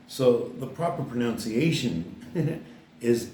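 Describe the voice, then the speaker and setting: A man's voice: low-pitched, expressive, slow, darkish tone, slight background noise. An older man from Canada, an author talking casually to camera about his book, rambling with many fillers and restarts. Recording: roomy echo, distant mic.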